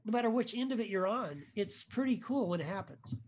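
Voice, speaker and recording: A man guest on a podcast, telling a story in a casual, animated way, full of restarts and "right?" asides. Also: sits high, a little fast. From United States.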